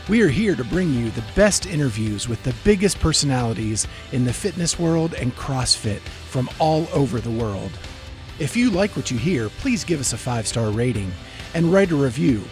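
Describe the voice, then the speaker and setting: A man's voice: mid-range voice, darkish tone. A man hosting a podcast, reading the intro and a sponsor ad in an upbeat promotional way. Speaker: podcast host.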